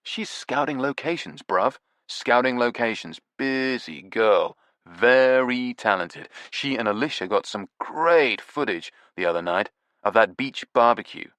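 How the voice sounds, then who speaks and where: A man voicing a brash, excitable male TV presenter who talks loudly and laughs at his own jokes. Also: mid-range voice, unhurried, no room sound. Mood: boastful. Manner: loud, pushy, slangy, laughs at own jokes. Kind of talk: audiobook character voice.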